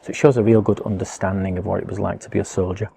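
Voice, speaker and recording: A man's voice: low-pitched, steady tone, rapid-fire, creaky, mellow, slight background noise. A man, explaining things to schoolchildren in a friendly, chatty way with lots of fillers. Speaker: educator presenting a school topic box.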